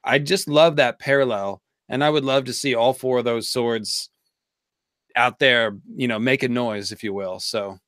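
A man's voice: medium pitch, steady tone, moderate pace, fairly bright tone, no echo, clean studio sound. A man co-hosting a casual livestream chat, talking with enthusiasm and building theories. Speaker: co-host of a fan discussion livestream.

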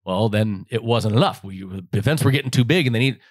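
A lively American man in his forties tells stories in an interview, joking along and slipping into his family's voices as he goes. His voice sits at an ordinary middle pitch, dry and close with no room around it. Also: a little fast, no echo. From Las Vegas, United States. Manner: animated, joking storyteller who acts out his family's voices. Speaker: guest. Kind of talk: casual interview storytelling.

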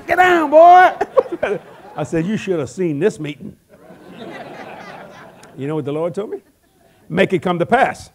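An older man with a drawl preaches in a voice that rides high and swings wide in pitch. He breaks into loud shouts and chuckles between his lines, and his grammar stays folksy and plain. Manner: animated, shouting bursts, laughing asides, folksy grammar. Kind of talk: lively comic sermon. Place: large church hall.

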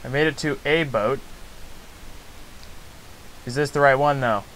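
A man's voice: medium pitch, a little slow, a bit bright, slight background noise, rough recording. A man giving nervous, rambling commentary while playing a video game. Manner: jumpy, rambling, with restarts. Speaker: let's play host. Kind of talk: gameplay commentary.

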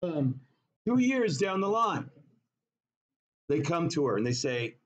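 A man's voice: fairly high pitch, slow. A man teaching a chemistry class, telling a playful story and quizzing students, in a dull lo-fi recording. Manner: animated, jokey, asks the class questions.

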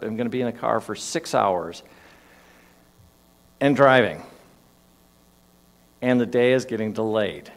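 A man giving a sermon in a church, telling a personal story in a conversational way with shifting emphasis. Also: mid-range voice. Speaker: minister. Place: church sanctuary.

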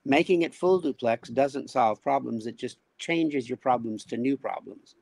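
A man being interviewed as a speech technology expert, explaining ideas in a measured, thoughtful way. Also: mid-range voice, creaky, darkish tone, no echo. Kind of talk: casual conversational interview.

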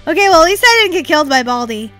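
A woman giving excited gameplay commentary as a channel host, squealing, laughing and crying out in bursts of panic. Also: high-pitched, rapid-fire, soft background music. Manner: squealing, laughing, breathless exclamations.

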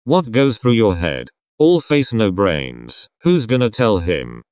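A young man giving casual reaction commentary in a rambling, sarcastic way with quick asides. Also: on the low side, big pitch swings, darkish tone, no room sound, clean studio sound. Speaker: reaction video host.

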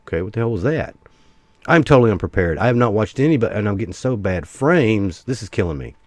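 A man from the US giving casual, rambling gameplay commentary as a gaming YouTuber, swinging between excitement and grumbling. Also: fairly low pitch, fast talker, no room sound.

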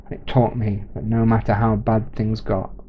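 A man doing a calm, wise stranger. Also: lowish voice, normal speed, slight background noise, natural voice. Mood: calm, reassuring. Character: calm wise grown man, gentle mentor. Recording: dull lo-fi recording.

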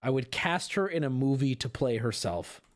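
A man's voice: medium pitch, lively intonation, normal speed. A man joking bluntly as he reacts to a dating show on a live stream, rambling with crude asides into a desk microphone. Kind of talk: casual live-stream commentary.

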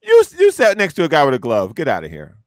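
A male radio co-host trades playful, teasing jabs. His pitch leaps around wildly and sits a bit high, with a dry studio sound. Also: fast, no echo. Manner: playful, teasing banter with very lively pitch swings. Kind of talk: casual sports talk banter.

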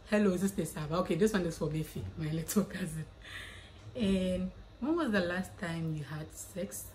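A woman's voice: fairly low pitch, a little hiss or hum, low-quality recording. Young woman chatting playfully. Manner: chatty, reads questions aloud then answers playfully. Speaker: YouTuber answering viewer questions. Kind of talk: casual chat.

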